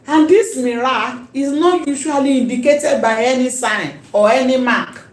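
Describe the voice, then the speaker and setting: A woman teaching a language lesson, repeating key terms slowly and emphatically. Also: sits high. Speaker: Hebrew teacher. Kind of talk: classroom lecture. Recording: echoey room with faint ambience.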